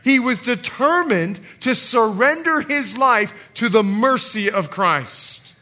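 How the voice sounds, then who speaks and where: Animated high-voiced male pastor preaching. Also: slow pace. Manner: animated, playful, acts out quotes. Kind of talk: sermon. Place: church service.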